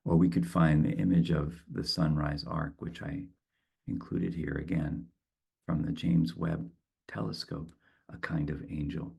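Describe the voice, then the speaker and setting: A man, a poet, leading a guided meditation, speaking in a slow and thoughtful way with halting repeats as he reads and reflects on a poem. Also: very deep voice, flat delivery, gravelly, husky, highs cut off. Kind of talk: reflective talk and poetry reading.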